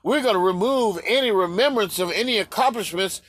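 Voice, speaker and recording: A man's voice: high voice, fairly quick, fairly bright tone, dry recording. A man ranting in a heated, profane vlog, firing rhetorical questions and stumbling over restarts. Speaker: vlogger. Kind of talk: ranting commentary to camera.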